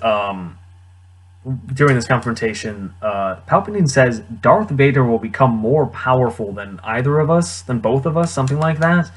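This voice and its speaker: Husky-voiced guy riffing on a movie. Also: medium pitch. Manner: rambling, wry, chuckling often. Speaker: film reviewer. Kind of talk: casual movie commentary.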